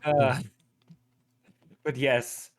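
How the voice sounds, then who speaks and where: A man's voice: mid-range voice, drawn-out words. A man with a Northern English accent, chatting casually and rambling on while he streams his compiler work. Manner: rambling, animated explainer. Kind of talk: casual live-stream chat.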